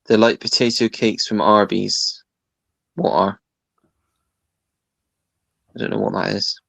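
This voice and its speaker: A man's voice: on the low side, steady tone, takes it slowly, vocal fry, fairly bright tone, no room sound. A man co-hosting a livestream, chatting easily, laughing along and reading out viewer comments. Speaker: co-host. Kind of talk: casual chat.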